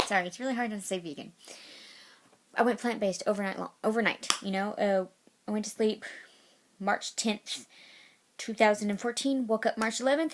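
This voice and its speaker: A woman's voice: medium pitch, brisk, a little hiss or hum. A woman vlogging casual tips, chatty and rambling, often correcting herself mid-sentence. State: out of breath.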